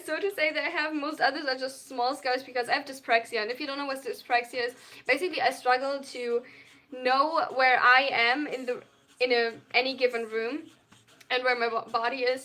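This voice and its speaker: A woman's voice: high-pitched, pushed and bright. A 21-year-old woman from Germany who speaks English with a German accent. She is a live streamer, reading viewers' chat questions aloud and answering them earnestly and openly.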